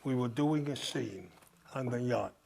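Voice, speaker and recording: A man's voice: mid-range voice, measured pace, creaky, darkish tone. An older man, a guest speaker, telling a rambling anecdote to a live audience in a cinema, laughing as he talks. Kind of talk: storytelling at a live audience event. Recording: audience crowd noise.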